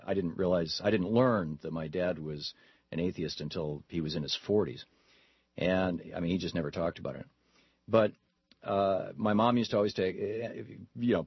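A man's voice: deep voice, moderate pace, husky, no echo, dull audio. A man from Michigan hosting a call-in talk radio show, telling stories in a rambling way with many restarts. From Michigan, USA. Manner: rambling, storytelling with frequent restarts.

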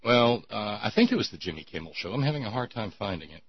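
A man's voice: on the low side, sing-song, quick pace, slightly rough, no echo, lo-fi sound. A man hosting a talk show, chatting in a rambling, sardonic way with many restarts. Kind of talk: casual call-in show banter.

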